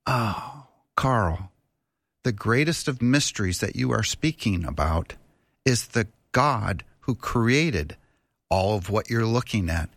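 A man's voice: fairly low pitch, lively intonation, unhurried, no echo, clean studio sound. A male guest on a Christian radio show who speaks in an earnest, preacherly way. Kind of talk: radio interview.

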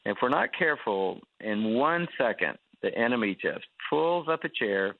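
A man's voice: mid-range voice, normal speed, creaky. Man preaching over a tinny phone line. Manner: animated, acts out quotes, laughs at himself. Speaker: pastor and guest. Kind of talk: preaching storytelling.

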